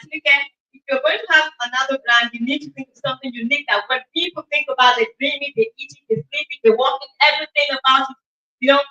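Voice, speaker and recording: A woman hosting a conference event, giving a lively motivational talk and calling out questions for the audience to answer. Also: sits high, recorded from a distance, muffled recording. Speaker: event host. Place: conference auditorium. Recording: echoey hall, from off the mic.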